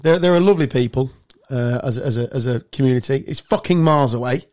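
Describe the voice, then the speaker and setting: A man hosting a casual podcast, telling sweary, animated stories. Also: mid-range voice, fast talker. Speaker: podcast host. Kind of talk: casual chat.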